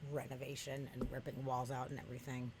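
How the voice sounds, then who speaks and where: A woman's voice: rumbling low, completely flat delivery, quick pace, very noisy. A woman co-hosting a casual livestreamed podcast, chatty and laid-back, swearing casually and laughing often. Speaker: podcast co-host. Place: home room during a livestream.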